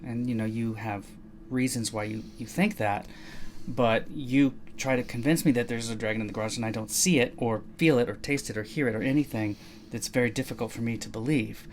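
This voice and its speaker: Casting: adult man, mid-pitched, loose chatty podcast delivery, lots of restarts, faint background noise. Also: steady tone, a little fast. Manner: rambling, self-correcting, acts out quoted dialogue. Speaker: podcast co-host. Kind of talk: casual conversational podcast.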